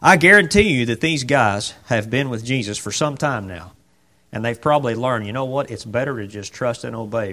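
A man's voice: mid-range voice, lively intonation, normal speed, bright, forceful tone. A man preaching a sermon in a church, conversational and full of rhetorical questions, acting out the voices of the people in the story.

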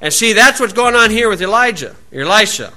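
Man, sermon, high voice, bright tone, sarcastic folksy asides. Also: animated, brisk. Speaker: preacher. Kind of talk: sermon, Bible reading with commentary.

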